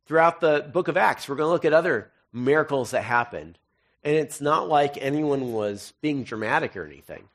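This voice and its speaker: A man's voice: on the high side, animated, moderate pace, fairly bright tone. A man giving a sermon as pastor, reading scripture and then breaking into jokey, conversational asides.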